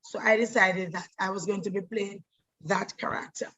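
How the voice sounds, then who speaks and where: A middle-aged actress, telling her life story in an animated way, often repeating words as she goes. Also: medium pitch, moderate pace, slightly rough, low-quality recording. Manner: animated, repeats words, breaks into voices and laughter. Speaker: stage actress. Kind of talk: personal storytelling monologue.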